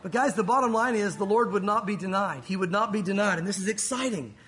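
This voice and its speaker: Male pastor, unusually high pitch, animated storyteller. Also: fast talker, noisy background. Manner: animated storytelling, acting out crowd shouts. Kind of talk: sermon.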